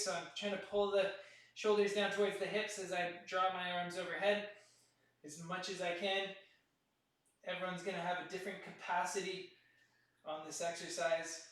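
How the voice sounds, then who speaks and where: A man leading a workout class as fitness instructor, counting reps and giving steady coaching cues, recorded from a distance in an echoey room. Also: high-pitched, moderate pace.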